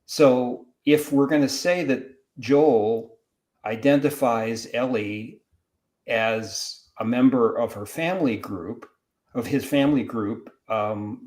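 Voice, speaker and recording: A man talks as a guest over a video call, circling his point with restarts and side remarks. His voice sits at an ordinary middle pitch. He speaks in a relaxed, unscripted way. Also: slow pace. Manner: digressive, many restarts. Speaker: guest academic. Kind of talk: casual discussion.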